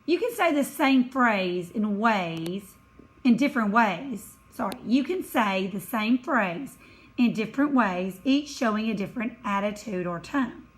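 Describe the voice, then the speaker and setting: A woman teacher giving a recorded lesson over slides, explaining slowly and carefully, now and then correcting herself. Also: mid-range voice, expressive, poor audio. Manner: slow, careful explaining with small self-corrections.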